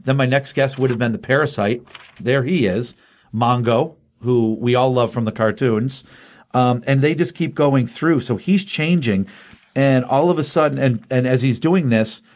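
With a medium-pitched voice, a middle-aged host rambles excitedly through a comic book story in a casual chat, using lots of fillers.

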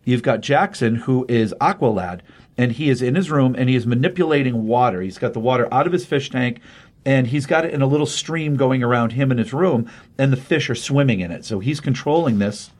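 A man's voice: medium pitch, expressive, brisk. A man hosting a casual talk show, recapping a comic book in a rambling way and correcting himself as he goes. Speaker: comic book podcast host. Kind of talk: casual spoken review.

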